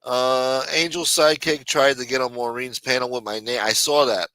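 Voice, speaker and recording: A man's voice: mid-range voice, steady tone, moderate pace, sharp tone, clean tone, no echo. A man hosting a livestream, chatting casually and profanely to his chat and acting out quotes as he retells stories. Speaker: livestream host.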